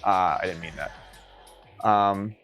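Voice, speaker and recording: A man's voice: low voice, slow pace, a bit bright, faint music behind. A young man hosting a live-streamed game tournament, rambling casually, joking and laughing often between his words.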